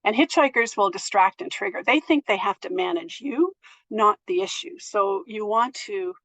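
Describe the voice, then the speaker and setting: A middle-aged woman giving a presentation on board governance in a thoughtful, gentle way, with many fillers and restarts. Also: mid-range voice, expressive, moderate pace, no room sound, low-quality recording. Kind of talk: presentation to an audience.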